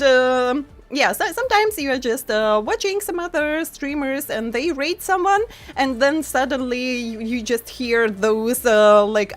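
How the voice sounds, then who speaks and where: A woman streamer with a non-native English accent, chatting casually with her viewers, full of fillers and laughing often. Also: high-pitched. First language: not English. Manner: chatty, frequent fillers and laughs, reads chat aloud. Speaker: VTuber streamer.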